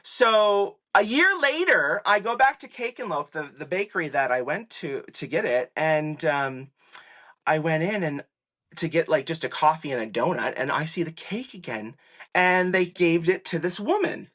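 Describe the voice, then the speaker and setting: A lively man talking as an interview guest, his tone bright and forward. He fills his talk with little fillers and laughs, and his pitch shoots up whenever he quotes someone. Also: moderate pace. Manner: animated, voice jumps high when quoting people; chatty, many fillers and laughs. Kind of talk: casual interview storytelling.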